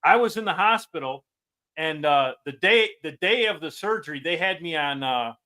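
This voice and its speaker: A man in his sixties co-hosting a casual podcast, telling stories with halting starts and restarts. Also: fairly high pitch, lively intonation, bright, forceful tone, low-quality recording. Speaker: podcast co-host. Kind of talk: casual chat.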